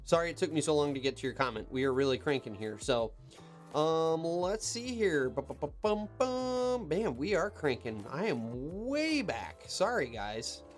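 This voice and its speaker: A man's voice: fairly high pitch, big pitch swings, moderate pace. Guy in his equipment cab doing a live q&a, reads comments and chats back, faint music under it. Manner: chatty, reads viewer comments aloud and answers them. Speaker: heavy equipment operator hosting a live Q&A. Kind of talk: casual live-stream chat.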